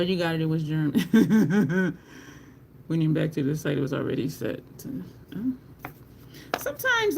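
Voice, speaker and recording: A chatty beauty live-streamer talks casually to viewers while swatching makeup and laughs often. The voice has a rough, gravelly edge, and a faint hiss sits under the recording. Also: medium pitch.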